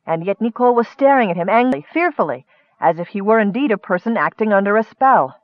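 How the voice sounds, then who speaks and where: High-voiced male audiobook narrator. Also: animated, fast talker, dry recording. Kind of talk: scripted fantasy narration. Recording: dull lo-fi dry recording.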